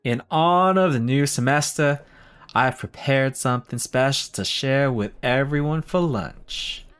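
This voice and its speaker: A man's voice: medium pitch, fairly bright tone, clear, resonant tone, soft background music, natural voice. A man putting on a drawling Southern colonel. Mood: grandiose. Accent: put-on American Southern country. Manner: slow, drawling, grandly formal. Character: folksy old southern male fried-chicken colonel.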